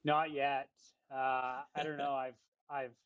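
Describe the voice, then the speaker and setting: A man's voice: mid-range voice, flat delivery, slow, a bit bright, clean tone, dry recording, low-quality recording. A man from western Canada, a guest on a casual podcast interview, rambling and chatty with lots of fillers.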